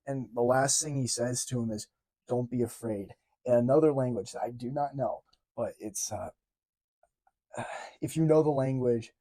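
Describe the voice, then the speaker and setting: A young man casually reviewing a TV episode, excitable and rambling, swearing now and then. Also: medium pitch. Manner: excitable, rambling, swears, says 'like' often. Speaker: TV show reviewer.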